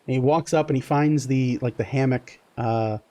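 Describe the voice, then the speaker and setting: A man acting as game master for a tabletop game narrates loosely and haltingly, with plenty of fillers. His voice is warm and medium in pitch.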